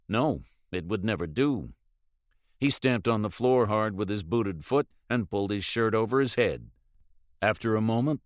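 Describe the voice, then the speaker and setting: Low, dry-voiced male audiobook narrator. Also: dry recording. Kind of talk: scripted narration.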